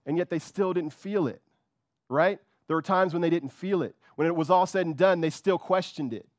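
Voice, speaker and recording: A man's voice: fairly high pitch, normal speed, no room sound, studio quality. A man preaching a sermon with fervor, repeating words and often checking in with "right?". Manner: fervent, repeats words, keeps asking "right?".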